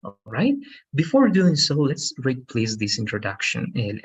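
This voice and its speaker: A man teaching an English lesson, encouraging and patient, slowing down to model how words are stressed. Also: medium pitch, very animated. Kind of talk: online language lesson. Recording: dull lo-fi sound.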